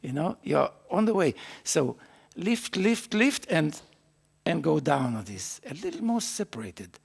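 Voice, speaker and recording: Male trumpet teacher, raspy and fry-heavy, raised pitch, patient studio master class. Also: sing-song, unhurried. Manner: explains patiently, sings phrases on syllables. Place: recording studio.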